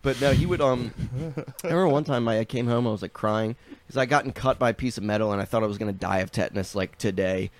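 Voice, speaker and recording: A man's voice: medium pitch, fast talker. A young man chatting as a podcast co-host, telling stories with lots of swearing and acting out the people he quotes. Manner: animated storyteller, swears freely, acts out people he quotes. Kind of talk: casual chat.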